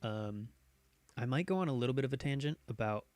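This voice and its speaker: A man's voice: medium pitch, expressive, brisk, a little mellow. A man hosting a casual live stream from a home setup, talking in an easygoing, rambling way with lots of fillers and restarts as he reacts to viewers' posts. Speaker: streamer host.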